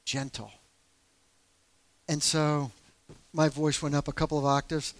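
Candid storytelling man, slightly high voice. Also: little pitch movement, unhurried. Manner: candid, self-deprecating storytelling with many fillers. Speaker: church elder. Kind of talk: casual talk on faith.

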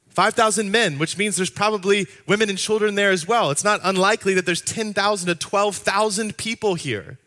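A man's voice: fairly high pitch, bright, forceful tone. A man preaching a sermon in a conversational way, breaking into playful asides. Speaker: pastor.

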